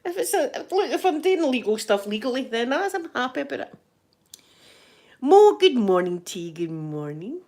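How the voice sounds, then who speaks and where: A woman's voice: high voice, sing-song, moderate pace, darkish tone. Chatty Scottish woman live-streaming. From Scotland. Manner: chatty, laughing, greeting viewers by name. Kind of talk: casual live-stream chat with viewers.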